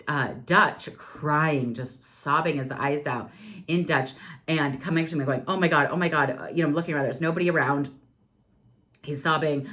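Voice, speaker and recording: A woman in her forties telling personal stories on a podcast in a chatty, fast-talking way, with many fillers. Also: low voice, fairly bright tone. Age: 40s. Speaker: podcast guest. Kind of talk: personal storytelling.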